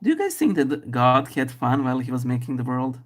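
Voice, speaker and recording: A man's voice: mid-range voice, huge pitch swings, fairly quick. A man hosting a casual live stream, thinking aloud with many fillers and restarts, speaking English with a noticeable non-native accent. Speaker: live-stream host painting and answering viewer questions.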